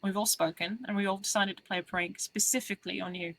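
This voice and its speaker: A woman with a British accent, speaking calmly and measuredly in character roleplay. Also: mid-range voice, fast talker, no echo.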